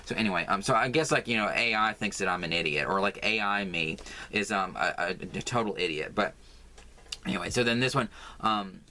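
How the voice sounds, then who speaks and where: A man's voice: fairly low pitch, brisk, bright, forceful tone. An American man talking through a casual crafting vlog at home, rambling with lots of fillers and sounding exasperated. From United States. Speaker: crafting vlogger.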